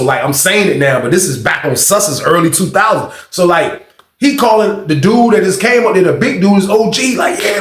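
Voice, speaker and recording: A man's voice: a little high, fairly bright tone. A man telling a story in a loose, slangy way, often adding "you know what I mean". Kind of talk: casual storytime narration. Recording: roomy echo.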